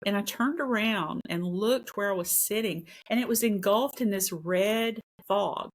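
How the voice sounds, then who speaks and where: A woman's voice: medium pitch, a little slow. A woman working as a paranormal investigator tells a story in an earnest, casual way, repeating phrases for emphasis.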